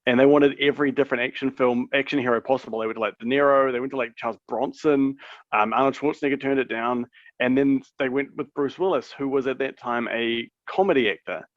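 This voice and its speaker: A man's voice: mid-range voice, quick pace, no echo. Guy rambling thru a movie fact on a podcast, lots of likes and ums, muffled dry sound. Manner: rambling, filler-heavy. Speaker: podcast co-host. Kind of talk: casual podcast chat.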